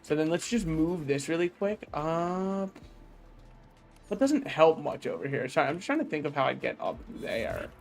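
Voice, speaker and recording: A man streaming a video game, talking through puzzles in a loud, projecting voice with joking, self-mocking asides. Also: a little high, very animated, normal speed, gravelly. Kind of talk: casual gameplay livestream commentary.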